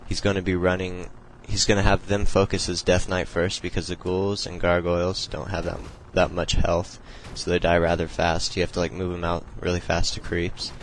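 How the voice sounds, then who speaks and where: A man's voice: low voice, monotone, normal speed, hardly any pauses, a little hiss or hum, low-quality recording. A young man casually talking through a strategy game replay, explaining moves in a loose, rambling way with many fillers. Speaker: replay commentator.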